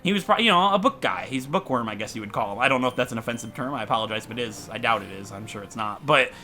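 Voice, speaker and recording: A man's voice: mid-range voice, animated, rapid-fire, bright, forceful tone, soft background music. A man commentating a game playthrough while telling rambling, self-mocking stories. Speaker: gaming channel host. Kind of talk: let's play commentary with storytelling.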